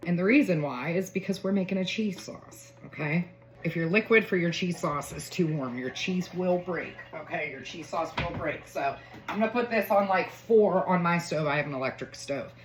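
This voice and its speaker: A woman's voice: lowish voice, normal speed, poor audio. Chatty, jokey woman cooking at home. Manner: chatty, with joking asides. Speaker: home cook. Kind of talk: casual cooking demo. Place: home kitchen.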